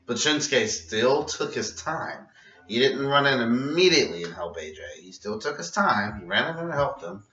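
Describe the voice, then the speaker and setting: A man's voice: medium pitch, expressive, moderate pace, bright, forceful tone, far from the mic. A man casually recapping a wrestling show in a rambling, profane vlog, laughing at his own jokes. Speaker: vlogger reviewing wrestling. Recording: roomy, muffled and off-mic.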